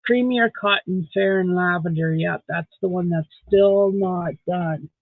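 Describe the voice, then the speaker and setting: A man from Saskatchewan, Canada, speaks in a high-pitched, creaky voice at a measured pace. He hosts a casual late-night live stream from home, reading viewer comments aloud, answering them, and chatting with his dog. The recording is dry and sounds like a phone.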